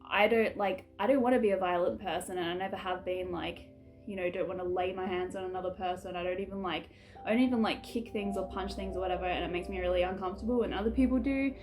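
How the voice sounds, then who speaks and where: A woman's voice: on the low side, quick pace, darkish tone, faint music behind. A young woman chatting casually to camera in a room at home, rambling and reflective with many fillers. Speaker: vlogger.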